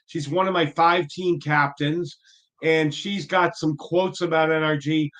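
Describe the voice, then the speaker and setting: A man's voice: on the high side, fairly even intonation, measured pace, fairly bright tone. A man introducing a guest in an enthusiastic, rambling casual chat.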